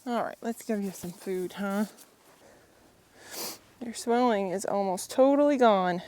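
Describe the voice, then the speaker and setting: A woman's voice: medium pitch, measured pace. Chatty woman soothing a horse outdoors. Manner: soothing, chatty, often laughing, talks gently to the horse. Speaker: horse owner and vlogger. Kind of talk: casual vlog narration while tending a horse. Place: outdoors at a horse pen, windy.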